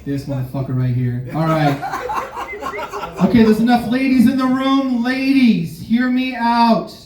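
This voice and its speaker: Man, stand-up set, animated, mocking voices, high voice, echoey club from afar. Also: measured pace, a crowd in the background. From Miami, United States. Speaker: stand-up comedian. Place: comedy club stage. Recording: roomy club sound from a distance.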